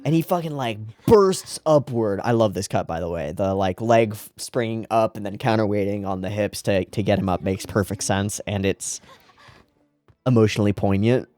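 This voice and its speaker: A man's voice: lowish voice, normal speed, darkish tone, no echo, faint music behind. A man hosting an anime reaction show, talking casually and emotionally and swearing freely as he comments.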